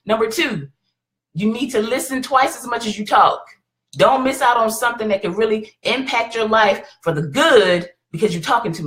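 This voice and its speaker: A woman's voice: fairly high pitch, fairly bright tone. Encouraging woman hosting a live stream. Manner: encouraging, keeps checking in with "right?". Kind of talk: motivational live stream talk.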